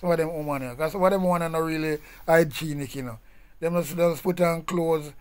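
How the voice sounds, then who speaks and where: A man's voice: a little high, steady tone, a little fast, a little mellow. A man with a Jamaican accent delivering a blunt, profane ranting monologue in patois. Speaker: vlogger.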